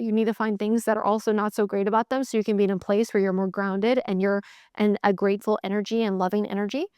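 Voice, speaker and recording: A woman with a smooth, high-ish voice, recorded in a clean studio with no echo, hosts a sales coach podcast. Her candid, motivational solo talk is emphatic, repeats phrases in bursts and includes casual swearing.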